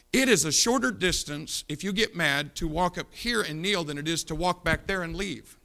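A middle-aged male pastor, preaching a fiery sermon in a blunt, scolding way, swinging from shouts to low asides in a church auditorium. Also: animated, moderate pace, vocal fry.

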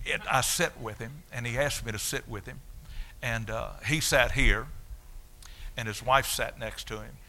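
A man's voice: mid-range voice, measured pace. Folksy preacher, older man. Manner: folksy, animated storytelling with quoted voices. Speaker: preacher giving testimony. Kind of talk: sermon testimony.

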